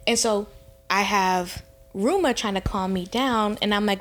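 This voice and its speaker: A young woman co-hosting a podcast, telling a story in casual chat, animated and profane, her voice jumping high when she quotes herself. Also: moderate pace. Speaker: podcast co-host.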